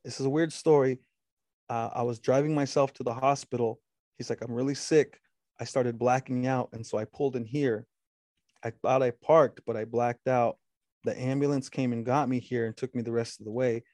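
A man's voice: fairly even intonation, normal speed, a little mellow, no echo, studio quality. A man telling a long story in casual chat, with lots of swearing and restarts. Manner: rambling storytelling with frequent profanity and restarts; quotes the other man at length in a low voice.

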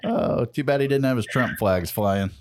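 A man's voice: mid-range voice, moderate pace. A man in his forties hosting a podcast in casual chat, joking, laughing and swearing freely. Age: 40s. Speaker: podcast host.

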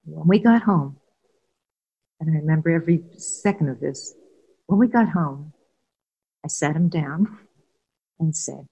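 Husky-voiced older woman telling stories. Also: deep voice, a little slow, pauses often, rough recording. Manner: warm, earnest, laughs while telling stories. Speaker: guest, author and former caregiver. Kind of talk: candid personal storytelling.

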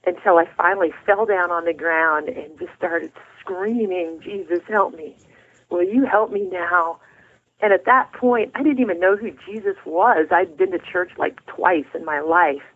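A middle-aged woman, a guest author, telling her story of faith in an earnest, heartfelt way. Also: fairly low pitch. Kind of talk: faith testimony in an interview. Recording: tinny phone line.

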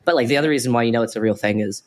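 A man co-hosts a podcast in a mid-range voice, talking rapid-fire. His explanations are casual and rambling, packed with "like" fillers and restarts.

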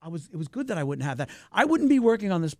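A middle-aged man in a casual interview, chatting animatedly about his work. His voice sits a little high for a man and carries a gravelly edge. The sound is close and dry. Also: racing, dry recording. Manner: animated, talkative, wide pitch swings. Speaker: filmmaker, guest.

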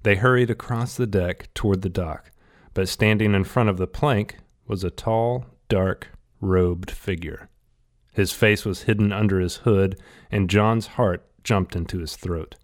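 A man reading a novel aloud in steady, scripted audiobook narration. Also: on the low side, a little slow.

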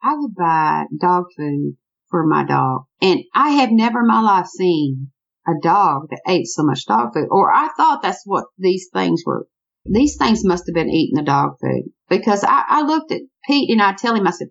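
A woman telling a true story about a strange encounter in a lively, conversational way, often repeating "I said" as she acts out what people told each other. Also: fairly low pitch, moderate pace, creaky, dull audio.

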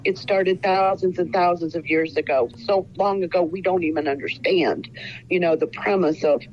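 Woman in her sixties, from Ohio, earnest and rambling, lowish voice, muffled lo-fi recording. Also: moderate pace, darkish tone, a little hiss or hum. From Ohio, USA. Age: 60s. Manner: earnest, rambling with many fillers. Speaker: author guest. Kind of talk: casual interview.

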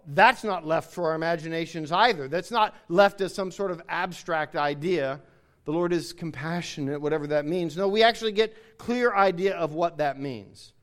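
A man preaching a sermon, explaining scripture and reading passages aloud with emphasis. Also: high-pitched. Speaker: pastor.

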